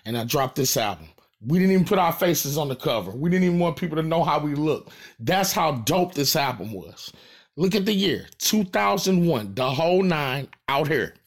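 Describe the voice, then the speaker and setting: A man from St. Louis with a St. Louis accent, talking straight to his audience in a profane, animated rant and repeating his points for emphasis. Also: on the high side, normal speed. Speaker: rapper. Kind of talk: casual direct-to-camera rant.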